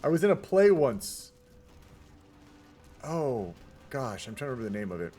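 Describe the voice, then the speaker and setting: A man's voice: medium pitch, sing-song, moderate pace, mellow. A young man giving casual, rambling commentary on a multiplayer strategy game, often saying "y'all". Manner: chatty, rambling, says "y'all". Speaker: game caster.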